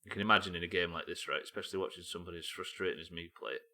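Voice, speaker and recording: A man's voice: low-pitched, fairly even intonation, racing, bright, forceful tone, slight background noise. A man with a Yorkshire accent chatting to his viewers while playing a game, joking and asking questions aloud. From Yorkshire, England. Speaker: streamer. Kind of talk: casual game-stream chat.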